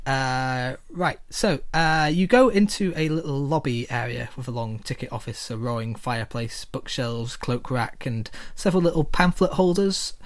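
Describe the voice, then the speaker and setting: A man's voice: mid-range voice, moderate pace, hardly any pauses. A man running a tabletop game as game master, chatty and full of filler words. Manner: chatty, frequent filler words, laughing asides.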